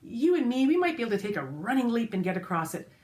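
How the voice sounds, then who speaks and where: A woman storyteller telling a folk tale to children, expressive and speaking straight to her listeners. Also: a little high, fast talker. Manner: expressive, addresses listeners directly.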